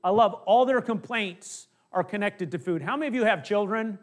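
A middle-aged male pastor preaching a conversational sermon, acting out little asides and dropping from emphatic to hushed. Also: sits high, moderate pace.

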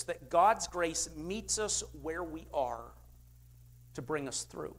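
An older man preaching a sermon as a pastor, emphatic, with big swings in pitch and loudness.

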